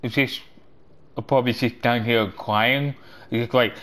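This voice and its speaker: A man giving gameplay walkthrough commentary in a mid-pitched voice, chatty and talking half to himself. His English is loose and halting, and he bursts into excitement as things go his way. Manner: loose, halting non-native English phrasing. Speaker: gaming channel host.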